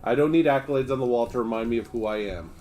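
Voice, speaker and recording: A man hosting a livestream, reading a memoir aloud in a steady, relaxed first-person voice. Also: mid-range voice, racing, faint music behind.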